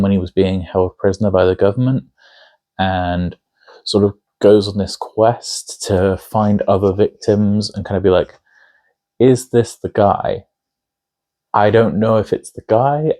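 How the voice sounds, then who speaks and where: A man's voice: lowish voice, dark tone. A man hosting a casual film review video, talking in a chatty, enthusiastic way with lots of asides. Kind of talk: casual opinionated film commentary.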